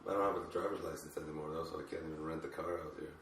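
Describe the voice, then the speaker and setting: An extremely deep, gravelly-voiced man with a French accent, sounding sick and hungover. His tone is bright and edgy, and his humor is wry and deadpan. He is recorded in an echoey room with faint noise behind. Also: rapid-fire. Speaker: guest comedian. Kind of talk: casual podcast chat.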